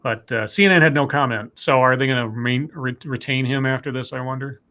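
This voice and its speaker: A man's voice: medium pitch, fairly even intonation, fast, bright, forceful tone. A man co-hosting a casual talk stream, reading news stories and viewer messages aloud and correcting himself as he goes. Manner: reads quotes aloud, self-correcting.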